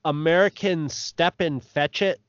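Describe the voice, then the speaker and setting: A man co-hosting a podcast who talks about films in a halting way, often searching for words mid-sentence. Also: on the high side, smooth, no echo, dull audio. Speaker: podcast co-host. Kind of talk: casual film discussion.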